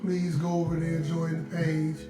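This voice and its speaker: A man's voice: on the high side, monotone, normal speed, distant mic. Earnest man giving relationship advice. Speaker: co-host of a relationship talk stream. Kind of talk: casual live-stream chat. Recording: roomy sound with guitar music behind.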